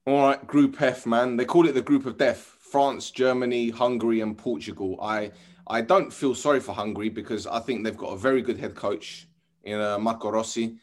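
A man's voice: mid-range voice, fairly even intonation, normal speed. Chatty man talking football. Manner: chatty, teasing, opinionated. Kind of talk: casual football podcast chat.

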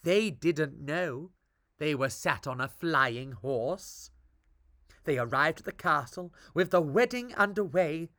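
Slow, expressive woman storyteller. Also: low voice, dry recording, studio quality. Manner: expressive, lilting rhyming delivery. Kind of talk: reading a rhyming fairy tale aloud.

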